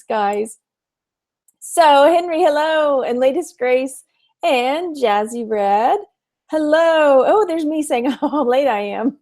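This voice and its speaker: A fairly high-voiced woman from Texas talks to her viewers in a loose, chatty livestream. She breaks off to greet people by name, and laughter runs through her talk. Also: darkish tone. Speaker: online reseller and livestream host. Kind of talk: casual livestream chat.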